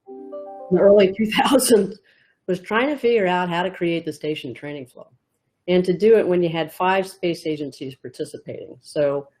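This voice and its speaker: A woman in her sixties, a retired astronaut, telling stories and asking questions in a relaxed conversational interview, laughing easily. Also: on the low side. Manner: reflective storytelling, laughs easily.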